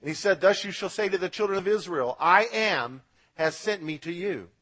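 A man preaching a sermon as pastor, swinging between loud emphatic lines and quiet low drops, asking the congregation to repeat words after him. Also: moderate pace. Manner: emphatic preaching, rising and dropping for effect.

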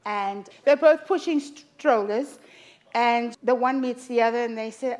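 A woman's voice: on the high side, unhurried, darkish tone. A middle-aged woman preaching a sermon in church, telling personal stories in a humorous, confiding way. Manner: humorous, confiding storytelling with laughs.

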